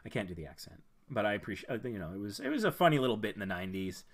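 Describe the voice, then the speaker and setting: A man with a lowish voice hosts a laid-back stream critiquing viewers' channels, talking very fast and very animatedly. He thinks out loud, rambles with fillers and restarts, and keeps his advice friendly.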